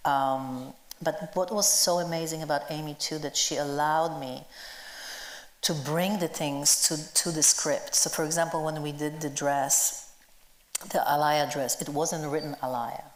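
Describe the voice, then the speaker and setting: A woman's voice: low-pitched, fairly even intonation, a little slow. A woman being interviewed about her work as a costume designer before a live audience, talking in an enthusiastic, chatty way with lots of fillers. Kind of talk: onstage conversation before an audience. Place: event hall with a live audience. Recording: roomy hall echo.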